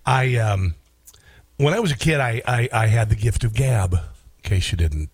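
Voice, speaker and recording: A man's voice: fairly low pitch, lively intonation, normal speed, slightly rough, no echo. A middle-aged man hosting a radio call-in show, chatty and storytelling with mocking asides. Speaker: radio talk show host. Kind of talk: casual call-in show chat.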